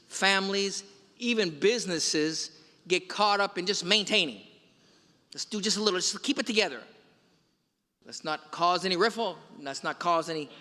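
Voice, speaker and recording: A man's voice: high-pitched, sharp tone. A man, a priest, giving a Sunday homily and retelling film scenes with quoted lines. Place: large church. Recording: long church reverb.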